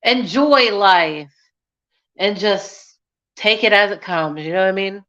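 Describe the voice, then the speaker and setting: Speaking slowly with lively intonation, this young adult YouTube host has a medium-pitched, slightly bright voice. She chats casually and frankly with her viewers live, jumping between thoughts and laughing a lot, all captured in dull lo-fi audio.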